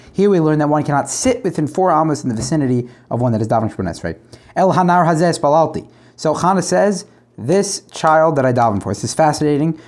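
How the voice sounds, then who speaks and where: A man's voice: medium pitch, darkish tone. A man teaching a Talmud page aloud, translating line by line, asking rhetorical questions and restarting phrases.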